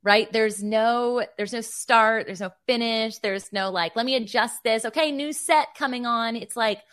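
A woman in her thirties hosting a faith podcast, telling a personal story in an animated, emotional way. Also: fairly high pitch, measured pace, clean tone, dry recording, studio quality. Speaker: podcast host. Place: Virginia Beach.

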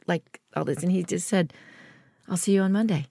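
A woman's voice: on the low side, fairly quick, gravelly, no echo, clean studio sound. A middle-aged woman from the United States, telling a long story in an interview and acting out the people in it. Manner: animated storyteller, acts out quoted voices. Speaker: guest.

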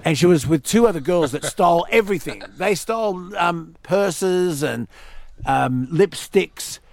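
Rambling Australian radio host, dry mic. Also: male voice, high-pitched, lively intonation, measured pace, a little mellow, no echo. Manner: rambling storyteller, many restarts and fillers. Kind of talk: casual late-night radio banter.

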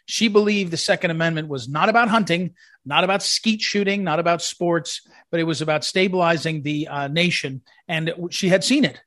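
A man with a fairly high voice tells fond stories in a loose, rambling way, often restarting his sentences. The sound is dry and close, with no room echo. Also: fairly quick, a bit bright. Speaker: commentary host. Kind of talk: eulogy-style spoken commentary.

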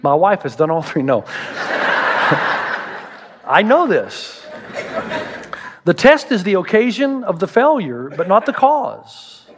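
A middle-aged man delivers a sermon with a voice pitched noticeably high for a man. He teaches like a storyteller, dropping in humor and acting out the people he quotes. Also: big pitch swings, slow pace, long pauses, big-room sound, a little hiss or hum. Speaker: pastor.

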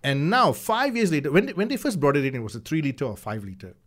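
A man chatting casually as a car reviewer, animated and often repeating words as he builds a point. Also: a little high, quick pace. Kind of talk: casual chat.

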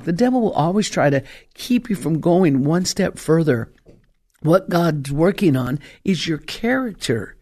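An older woman evangelist preaching a sermon, firing rhetorical questions and pressing her points with emphasis. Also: lowish voice. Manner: emphatic, rhetorical questions, rises to loud peaks.

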